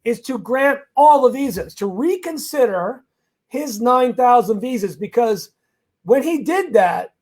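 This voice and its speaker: A man's voice: very high-pitched, animated, unhurried, a little mellow. A man working as an immigration lawyer, hosting a live Q&A stream. He greets viewers by name in a chatty way and speaks emphatically, rallying them on legal points.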